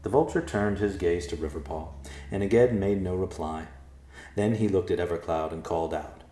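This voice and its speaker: A man narrating a storybook chapter with a steady, expressive reading. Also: deep voice, moderate pace, reverberant. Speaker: audiobook narrator.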